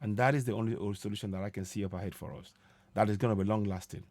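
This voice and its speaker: A man's voice: fairly low pitch, fairly even intonation, rapid-fire, a little mellow, dry recording. Emphatic male commentary host. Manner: emphatic, repeating key points. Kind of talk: online commentary.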